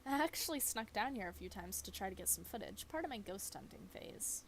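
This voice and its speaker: A woman's voice: medium pitch, expressive, fairly quick, slight background noise, natural voice. A woman voicing a breezy young woman who hunts ghosts and talks in a wry, offhand way.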